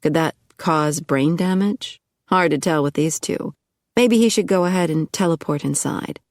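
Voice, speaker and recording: A woman reads an audiobook in a low, wry voice. The sound is dry and close, with no room around it. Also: normal speed, no room sound. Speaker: audiobook narrator. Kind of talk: scripted narration.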